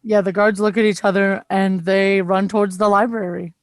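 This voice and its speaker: A woman narrating a tabletop game as game master, relaxed and hesitant, with many pauses. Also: medium pitch, no room sound.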